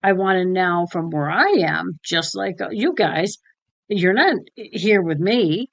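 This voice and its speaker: Blunt, swearing woman co-host, low voice. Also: unhurried, creaky, dry recording, muffled recording. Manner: frank and blunt, swears freely, retells conversations with lively quoting. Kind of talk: casual spiritual chat.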